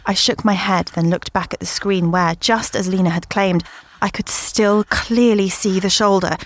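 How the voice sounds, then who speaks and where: A woman narrates a first-person horror story at a measured pace. Her voice sits at a middle pitch. The recording is dry and close. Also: fairly even intonation, no room sound.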